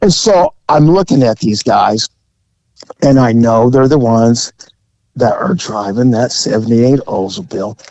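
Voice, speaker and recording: A man's voice: medium pitch, unhurried, warm tone, no room sound, lo-fi sound. Laid-back man telling a cop story. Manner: laid-back, chuckling, colorful and profane. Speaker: police officer. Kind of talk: casual storytelling.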